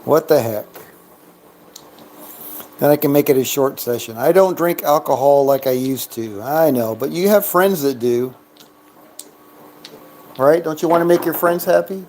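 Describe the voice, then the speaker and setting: Slow, mellow man calling craps rolls. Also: fairly high pitch, slight background noise. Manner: chatty and joking, counting chips and bets aloud. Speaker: craps game player. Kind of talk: casual gameplay commentary.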